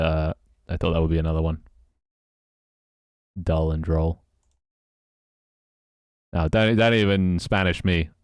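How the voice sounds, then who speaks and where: A man's voice: low-pitched, a little mellow, dry recording, clean studio sound. An English man streaming live, chatting casually with his viewers, laughing often, swearing and fumbling through playful mock French. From England. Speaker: live streamer reading chat.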